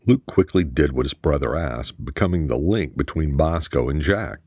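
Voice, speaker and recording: A man narrating an audiobook in a steady storytelling manner. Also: very deep voice, moderate pace, husky, dry recording, clean studio sound. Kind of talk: scripted narration.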